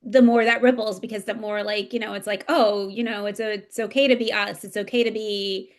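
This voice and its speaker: A woman's voice: medium pitch, fairly even intonation, a little fast. A woman hosting a casual podcast conversation, rambling enthusiastically with lots of fillers. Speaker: podcast host.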